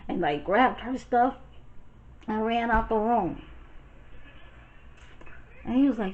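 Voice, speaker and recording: Animated New woman telling stories. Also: a little high, slow, long pauses, phone-quality sound. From Brooklyn, New York. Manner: animated, profane, chatty, talks straight to viewers. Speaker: storytime vlogger. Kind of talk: casual storytelling.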